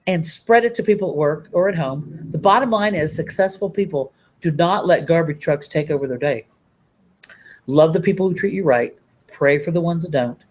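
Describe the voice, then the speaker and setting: A woman giving a motivational training talk to her team. She talks in an upbeat, rambling way and reads sayings aloud from a handout. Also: sits low. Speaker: network marketing trainer.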